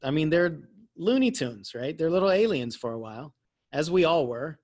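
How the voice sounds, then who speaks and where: Chatty man coach, slightly high. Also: big pitch swings, normal speed, darkish tone. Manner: chatty, self-mocking, laughs often. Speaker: life coach host. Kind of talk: casual storytelling chat.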